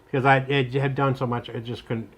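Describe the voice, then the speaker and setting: A middle-aged man, a machine technician, calmly giving plain-spoken advice in a casual chat. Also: mid-range voice, a little fast, slightly rough.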